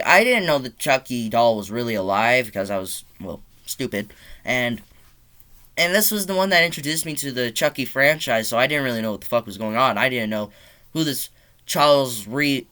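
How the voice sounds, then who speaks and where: A young man excitedly reviewing a horror movie from his bedroom, rambling, swearing often and filling his talk with "like". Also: medium pitch. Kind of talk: casual review monologue.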